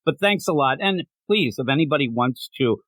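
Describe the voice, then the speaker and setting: Male podcast co-host, a bit high-voiced with a very bouncy delivery, playful and rambling, dry close sound. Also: lively intonation, fairly quick, a bit bright, no room sound. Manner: playful, joking, self-mocking; hyped and rambling. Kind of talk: casual podcast chat.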